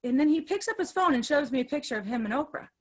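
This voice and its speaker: Brief woman in her 50s, excitable storyteller, restarts often, webinar guest on a video call. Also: high-pitched, fast. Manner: hyper, chatty, restarts a lot. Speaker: guest speaker, teacher. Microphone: video call with earbuds.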